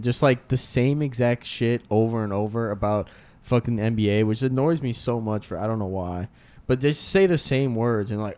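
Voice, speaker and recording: A man's voice: medium pitch, moderate pace, a little mellow. Rambling young man telling work stories. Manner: rambling storyteller, lots of "like". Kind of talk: casual chat.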